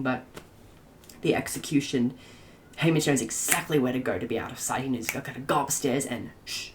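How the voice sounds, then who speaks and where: A woman book reviewer in a casual spoiler rant to camera, gushing and excitable, often restarting her sentences. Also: very deep voice, a little hiss or hum.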